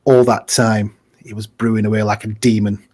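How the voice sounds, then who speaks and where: A man's voice: on the low side, little pitch movement, moderate pace, a little mellow. A man co-hosting a casual advice podcast, joking and acting out little scenes as he talks. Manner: jokey, acts out little scenes. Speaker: podcast co-host.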